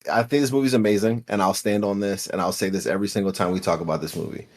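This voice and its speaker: A man's voice: lowish voice, fairly even intonation, quick pace. A man on a movie podcast giving emphatic, opinionated takes. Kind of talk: casual movie-discussion chat.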